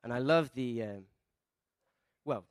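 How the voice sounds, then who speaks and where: Man, preacher, sermon, rhetorical questions, quiet asides to loud emphasis, dry sound. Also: slow pace, no room sound. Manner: swings between soft, low asides and loud emphatic peaks. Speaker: pastor.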